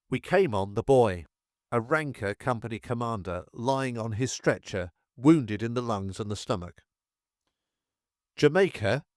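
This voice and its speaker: A man narrates a wartime memoir in a steady, measured reading. His voice sits at a middle pitch. The recording is dry and close, with no room sound. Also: dry recording. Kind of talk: audiobook narration of a war memoir.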